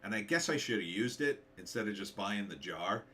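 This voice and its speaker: A middle-aged man, slightly hoarse, hosting a casual livestream, thinking aloud and reading out viewer comments with hums and fillers. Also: lowish voice, lively intonation, brisk, pushed and bright, slight background noise. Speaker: livestream host, author.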